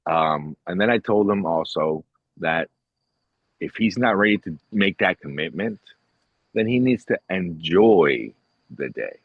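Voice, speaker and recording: Husky low-voiced man in casual chat. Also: lively intonation, measured pace, no echo, phone-quality sound. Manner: rambling, retells conversations, swears casually. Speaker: podcast co-host.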